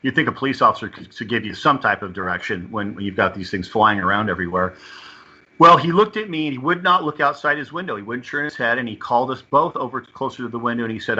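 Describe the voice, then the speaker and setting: As an interview guest, a man recounts a personal experience haltingly, frequently repeating or restarting his words. His medium-pitched voice is expressive, pushed and bright, with the highs cut off.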